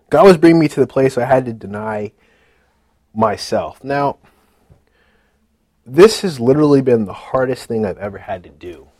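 Recorded without room sound, this man's mid-range, somewhat mellow voice relates his personal testimony at church. It is casual, heartfelt talk, packed with fillers and punctuated by frequent nervous laughter.

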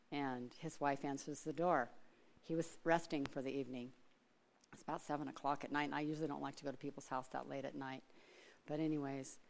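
A middle-aged woman from Alaska giving a chatty sermon full of personal stories, laughing often and acting out other people's voices. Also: low voice. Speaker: church speaker.

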